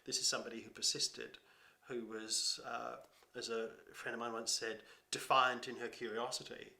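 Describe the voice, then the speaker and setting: A man's voice: medium pitch, level tone, moderate pace, vocal fry, bright, forceful tone. A man chatting casually, laughing often and restarting his phrases. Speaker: children's science performer. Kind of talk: casual chat. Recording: roomy echo.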